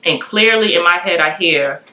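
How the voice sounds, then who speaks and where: A woman in her forties telling a candid family story in a lively way, acting out the voices of the people in it. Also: on the low side, moderate pace. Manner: animated, acts out quoted voices. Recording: echoey room.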